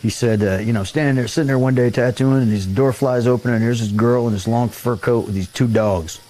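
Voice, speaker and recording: A man hosting a casual talk show, telling a long anecdote with animated quoted voices and frequent laughter. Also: medium pitch, a little fast. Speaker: show host. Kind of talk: casual storytelling chat.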